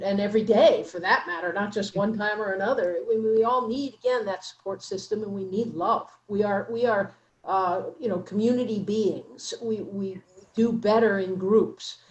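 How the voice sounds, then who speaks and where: A woman's voice: medium pitch, normal speed, a little mellow. Female host, physician, affirming explainer; roomy, lo-fi remote audio. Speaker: podcast host, doctor. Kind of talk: casual interview chat.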